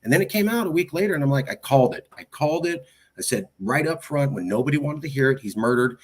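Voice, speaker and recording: Male podcast host, casual interview talk, animated, emphatic, repeats himself for effect. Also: fairly high pitch, fast talker, breathy edge.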